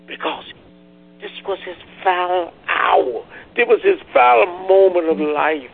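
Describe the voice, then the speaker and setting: Gravelly preacher man on a phone call. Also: lively intonation, measured pace. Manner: builds from low teaching to loud rising cries; repeats words and phrases. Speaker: pastor leading Bible study. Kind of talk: call-and-response Bible study preaching. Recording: tinny phone-line call.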